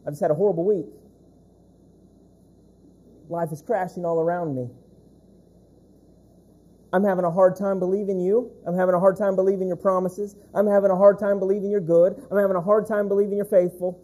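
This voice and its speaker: Pastor doing a worn out churchgoer after a rough week, husky warm voice. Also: male voice, high voice, little pitch movement, a little fast, pauses often, voice pushed up. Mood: discouraged. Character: weary, discouraged churchgoer after a bad week.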